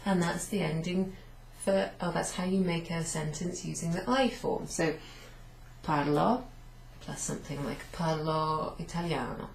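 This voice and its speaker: A woman with a British accent and a low, somewhat slow voice full of vocal fry runs a beginners' language class. She works at the whiteboard, explaining step by step and filling gaps with fillers. The room is echoey, with slight background noise.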